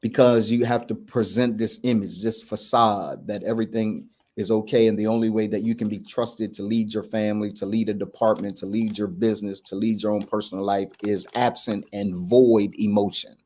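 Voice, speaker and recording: A man's voice: fairly low pitch, fairly even intonation, moderate pace, hardly any pauses, a little mellow. A man, a men's coach hosting a candid talk, earnest and reflective, often restarting and checking in with "right?". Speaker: men's coach and podcast host.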